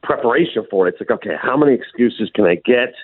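A man co-hosting a radio show, telling stories in casual banter, animated and quick. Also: mid-range voice, dry recording. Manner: animated storyteller, quick and lively. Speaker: radio co-host. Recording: phone-like radio line.

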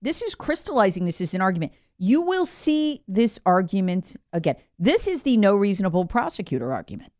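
A woman's voice: mid-range voice, big pitch swings, brisk, few pauses, a little mellow, dry recording. A woman host delivers opinionated political commentary with open sarcasm, her voice swinging widely up and down. She hammers each point with repeated reminders and a mocking edge. The sound is dry and close, with no room around it. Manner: slips into mock voices to ridicule officials. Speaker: political talk show host.

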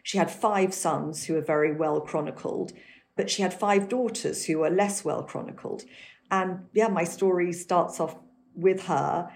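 A woman's voice: fairly low pitch, unhurried, vocal fry, a little mellow, slight background noise. A woman author, a guest on an interview podcast, telling history in fluent, detailed answers.

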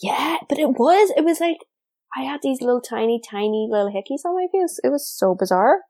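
A woman's voice: high-pitched, animated, brisk, dark tone. Giggly Northern Irish woman chatting. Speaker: podcast co-host. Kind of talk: casual chat.

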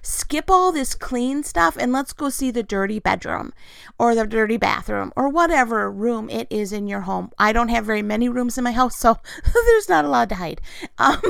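A woman's voice: fairly high pitch, creaky, fairly bright tone, clear, resonant tone, no room sound. A woman talking candidly and confessionally about her faith and her life, with laughs as she tells stories. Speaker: christian vlogger. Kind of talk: personal devotional talk.

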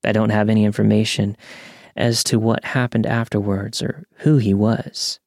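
A young man calmly narrating a true scary story from a script. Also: lowish voice, vocal fry, dry recording, studio quality. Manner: calm, measured storytelling.

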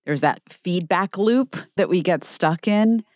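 A woman's voice: lowish voice, unhurried, a little mellow, dry recording, clean studio sound. A woman hosting an interview, empathetic and earnest with her guest. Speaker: podcast host.

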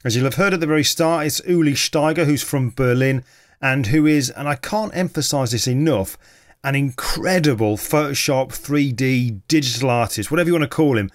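A man's voice: mid-range voice, normal speed, dry recording, studio quality. A man hosting a podcast on his own, introducing the episode in an enthusiastic, chatty way. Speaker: podcast host.

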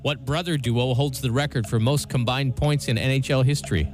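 A man's voice: medium pitch, fairly quick, soft background music. A man co-hosting a morning radio show, chatting with small hesitations and reading quiz questions. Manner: hesitant, lots of uh and restarts. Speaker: radio co-host.

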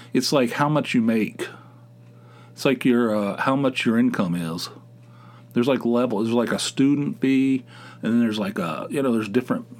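Rambling man ranting on his podcast. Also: mid-range voice. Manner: rambling, animated, mocking put-on voices. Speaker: podcast host. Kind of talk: casual solo podcast rant.

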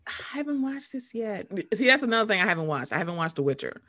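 A woman co-hosting a podcast in casual chat, animated and profane, swinging quickly in pitch and volume. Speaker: podcast co-host.

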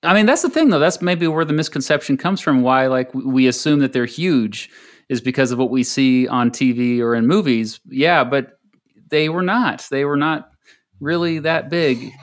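A man's voice: mid-range voice, normal speed. Laid-back male podcast co-host. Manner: relaxed, laughs easily, reads out facts. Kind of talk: casual podcast chat.

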